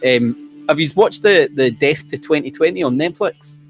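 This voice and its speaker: A man's voice: a little high, animated, normal speed, soft background music. A man around forty, hosting a quiz in casual, sweary banter with restarts. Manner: chatty, sweary, trailing restarts. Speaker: quiz host.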